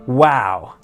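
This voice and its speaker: A woman with a low voice chats casually while playing a game, rambling and breaking into laughs. Faint guitar music plays under her. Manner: rambling, excitable, laughs often. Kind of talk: casual let's-play commentary and dialogue reading.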